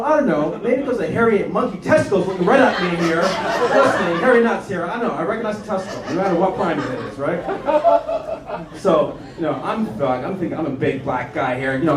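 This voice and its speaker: A man from Canada performing a stand-up comedy set, telling stories animatedly and acting out voices. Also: high-pitched. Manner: animated storytelling with acted-out voices. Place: comedy club stage with audience laughter. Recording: echoey club room from a distance with noise.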